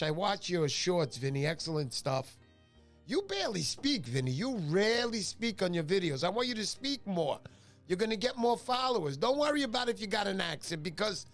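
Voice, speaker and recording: Middle-aged new guy running a fishing livestream, bit high voice, chatty and jokey, faint music behind. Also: a bit bright. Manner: chatty, joking, greets viewers by name. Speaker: fishing show host. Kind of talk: casual livestream chat. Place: home livestream.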